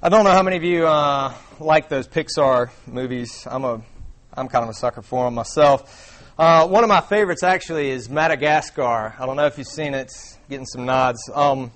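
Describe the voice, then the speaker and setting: A man's voice: mid-range voice, moderate pace, fairly bright tone. A young man preaching a sermon to a congregation in a casual, conversational way with many fillers. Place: church before a congregation.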